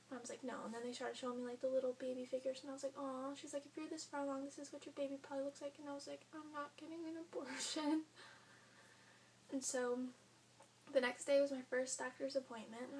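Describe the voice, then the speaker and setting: A woman's voice: high voice, level tone, fast, a little mellow. A young woman telling her own story in a chatty way, full of "like" and quoted dialogue. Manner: chatty, frequent "like", quoting others in her own voice. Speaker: vlogger. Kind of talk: casual storytelling. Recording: faint hum, a bit far from the mic.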